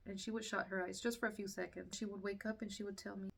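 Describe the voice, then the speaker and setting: A woman's voice: mid-range voice, level tone, fast, gravelly, hardly any pauses, husky, recorded from a distance. A woman casually telling her own story, acting out what people said and laughing through the tense parts.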